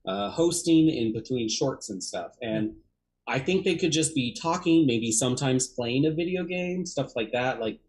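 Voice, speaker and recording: A man's voice: medium pitch, normal speed. A man co-hosting a livestream, chatting casually about ideas for a new show with loose fillers and laughs. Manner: relaxed, musing, with fillers and laughs. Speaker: comedy theater co-host. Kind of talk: casual planning chat on a livestream.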